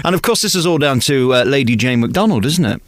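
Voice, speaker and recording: A man's voice: mid-range voice, animated, brisk. A man hosting a radio interview, teasing and flirty in his banter. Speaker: radio presenter.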